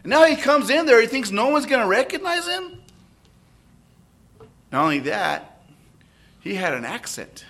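A man's voice: extremely high pitch, sing-song, a little slow, pauses often, sharp tone. A man preaching an expository sermon, often checking in with listeners through tag questions.

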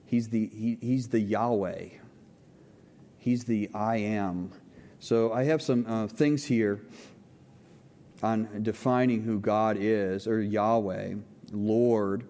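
With a lowish, dark voice and fairly even intonation, a pastor preaches slowly in a church filled with long hall reverb. His teaching sermon is conversational, with questions for the congregation and frequent okays.

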